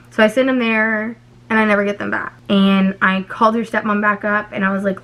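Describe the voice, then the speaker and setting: A woman's voice: medium pitch, steady tone, normal speed, fairly bright tone. A young woman from Texas telling a long personal story in a casual, chatty way, swearing freely and filling her sentences with "like" and "um.". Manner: profane, chatty, filler-heavy. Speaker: vlogger.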